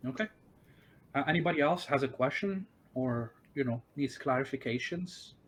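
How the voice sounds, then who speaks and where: A man of average pitch runs a tabletop game, pausing often on fillers and restarting his sentences. His delivery is loose and unscripted, the voice of a game master thinking aloud. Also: expressive. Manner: hesitant, many fillers and restarts. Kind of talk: narrating and voicing a tabletop game.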